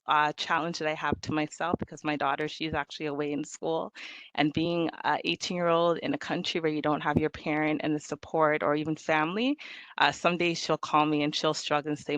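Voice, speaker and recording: A woman mentee giving an earnest thank-you speech on a video call, halting now and then with restarts. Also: deep voice, flat delivery, a bit bright, dry recording, rough recording. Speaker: program mentee.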